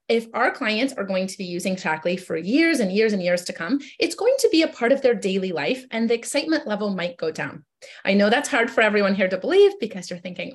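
A woman giving an upbeat online sales training, coaching listeners directly and checking in with them often. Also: medium pitch.

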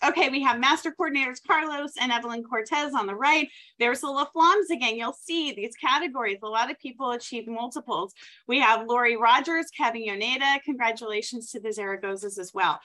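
An upbeat woman hosts a team recognition call with a high voice. She hurries through list after list of names with quick thanks and apologies for rushing. She sounds a little out of breath. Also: pushed and bright. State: running out of breath. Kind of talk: reading out names in a recognition segment.

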